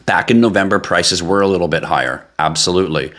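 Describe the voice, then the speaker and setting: A man's voice: low-pitched, quick pace, fairly bright tone. Profane, teasing man hosting a livestream. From Canada. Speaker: crypto livestream host. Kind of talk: casual livestream talk, reading chat.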